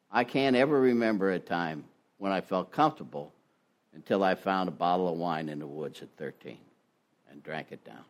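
An older man telling his recovery story at a meeting, folksy and self-deprecating, with lots of "you know". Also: lowish voice. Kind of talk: personal testimony talk. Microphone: ear-worn headset mic.

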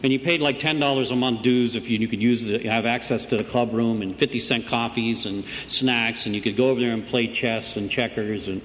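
A man's voice: medium pitch, fairly even intonation, fairly quick, few pauses, fairly bright tone. A middle-aged man telling his recovery story to a group in a conversational storytelling way, often asking "right?". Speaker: recovery meeting speaker. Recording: long reverb in a room, faint background noise.

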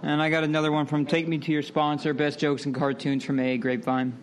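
A man's voice: on the high side, level tone, quick pace, a little hiss or hum. A man reading a joke aloud at a meeting in a plain storytelling delivery.

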